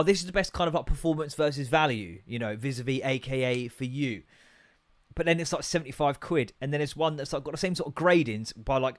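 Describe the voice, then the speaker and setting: A young English man rants on his podcast, swearing freely and hopping from one topic to the next. His voice sits a little high for a man. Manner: sweary, animated, jumps between topics. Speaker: podcast host. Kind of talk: casual ranting monologue.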